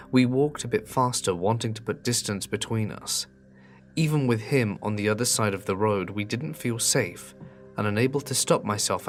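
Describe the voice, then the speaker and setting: A man with a fairly low voice reads a horror story aloud in a measured, earnest manner. Faint, soft music runs beneath his scripted narration.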